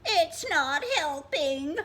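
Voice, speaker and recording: Woman putting on a squeaky crying little boy bird, whiny, tearful, storybook. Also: very animated, takes it slowly, fairly bright tone, heavily acted. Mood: weepy. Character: little blue boy bird, hurt and weepy.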